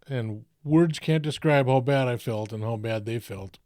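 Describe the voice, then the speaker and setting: A man's voice: medium pitch, measured pace, warm tone, dry recording, studio quality. A middle-aged man telling a story from his own life in a blunt, profane, plain-spoken way. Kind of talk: casual first-person storytelling.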